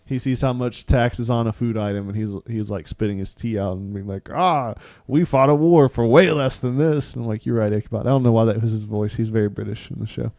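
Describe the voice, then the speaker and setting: A man's voice: lowish voice, little pitch movement, quick pace, gravelly, hardly any pauses, dark tone. A man co-hosting a podcast in casual chat, telling stories with dry asides. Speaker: podcast co-host.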